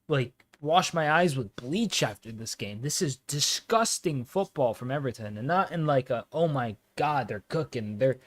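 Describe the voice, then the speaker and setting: A man's voice: lively intonation, normal speed, hardly any pauses. Casual young man reacting to football. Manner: casual slangy chat, bursts loud and high at match action. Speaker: watch-along streamer. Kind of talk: live football watch-along commentary.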